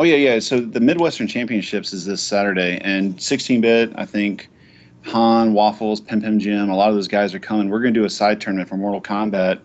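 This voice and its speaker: A man hosting a casual gaming podcast, talking in a rambling, profane and excitable way. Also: lowish voice, muffled recording. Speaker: podcast host.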